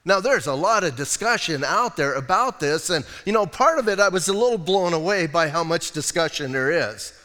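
Man preaching, casual joking delivery, fairly high voice, long hall reverb. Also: expressive, moderate pace, hardly any pauses, sharp tone. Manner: conversational, joking asides. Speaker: pastor. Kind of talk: sermon. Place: church sanctuary.

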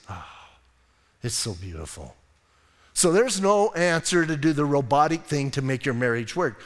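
A male pastor preaches an emphatic sermon, repeatedly calling out "listen" to his congregation. He swings between loud bursts and soft, low asides, and a long reverb tail follows his voice.

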